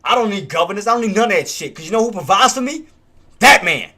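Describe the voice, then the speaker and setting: A man hosting a live trading stream talks in an emphatic, streetwise way. His voice sits high with a bright, forceful edge. He repeats himself to drive each point home. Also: lively intonation, quick pace. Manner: emphatic, repetitive, streetwise casual speech. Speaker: stock trading livestream host.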